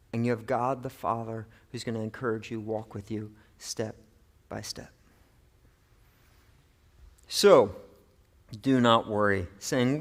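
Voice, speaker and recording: A middle-aged male pastor giving a sermon in an animated, conversational way, with playful asides. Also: mid-range voice.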